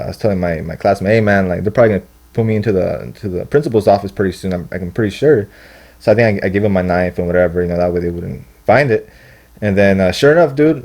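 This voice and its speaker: This podcast guest is a young man whose voice sits on the low side and sounds a little mellow. Chatting casually, he spins out a long story full of profanity and tangents, performing other people's lines as he goes.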